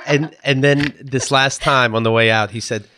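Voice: mid-range voice, a little slow, background noise. A podcast host telling stories in casual chat, laughing and swearing as he goes.

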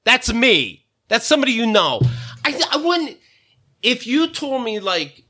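A man hosting a podcast, delivering an exasperated, profanity-filled comedic rant that swings between mutters and shouts. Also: very high voice, big pitch swings, unhurried, faint music behind. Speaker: podcast host.

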